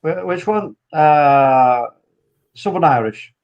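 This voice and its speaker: A man chatting casually while watching a live football match, excitable and fond of doing comic accents. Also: a little high, takes it slowly, dull audio.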